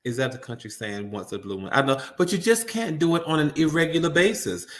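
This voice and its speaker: A man's voice: on the high side, lively intonation, fast talker, a bit bright. A man giving a live-streamed motivational talk, often repeating words as he restarts and calling his audience "you all.".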